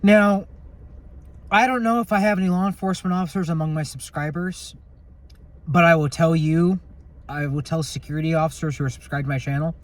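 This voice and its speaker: A man's voice: a little high, a little fast. Rambling man vlogging from a patrol car. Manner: rambling, joking, slightly profane. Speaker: security officer vlogger. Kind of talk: casual vlog while on patrol. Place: inside a patrol car at night. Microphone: phone camera in a car.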